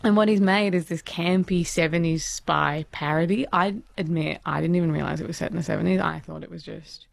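Woman, podcast co-host, chatty and enthusiastic, gravelly fry. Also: lowish voice, steady tone, a little fast, hardly any pauses, no echo. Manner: enthusiastic, chatty, laughs often. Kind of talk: casual chat.

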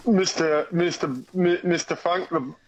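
A man's voice: high-pitched, fairly even intonation, unhurried. A man playing a radio quiz, hesitant and stumbling over his words. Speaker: quiz contestant. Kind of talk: casual radio chat.

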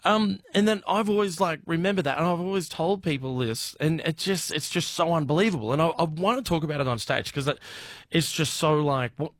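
Australian comedian guy, rambly halting storyteller, dry close sound. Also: on the high side, no room sound. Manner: rambling, halting with many restarts. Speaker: comedian guest. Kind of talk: casual anecdote telling.

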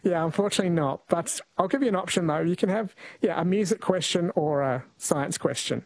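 A man's voice: high voice, fairly quick, dry recording, low-quality recording. A man hosting a radio call-in quiz, chatting casually with callers and often correcting himself mid-sentence. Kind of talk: casual talkback radio chat.

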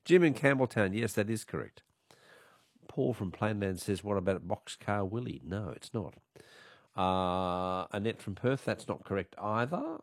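Male quiz host with a cold, snuffly, lively pitch, very dry sound. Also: measured pace, no echo. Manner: chatty and jovial, laughs often. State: stuffy, snuffly voice. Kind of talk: talkback radio quiz.

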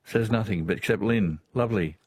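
A man's voice: fairly low pitch, brisk, darkish tone, husky, no room sound. An older man with an Australian accent hosting a casual talkback radio show, chatty and rambling with frequent laughs. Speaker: radio host.

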